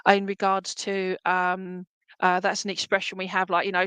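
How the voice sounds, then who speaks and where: A woman's voice: mid-range voice, monotone, normal speed, fairly bright tone, clear, resonant tone, dry recording. Chatty affectionate woman medium, dry close sound. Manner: chatty and affectionate, many fillers. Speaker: psychic medium. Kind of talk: live reading to viewers.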